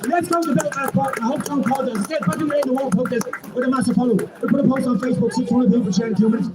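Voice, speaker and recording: An Irish man making a profane, impassioned street speech at a protest, rising to shouts. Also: extremely high pitch, fairly even intonation, rapid-fire, heavy background noise. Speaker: protest speaker. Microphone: public microphone and PA. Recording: echoey, distant from the mic, loud crowd. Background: crowd.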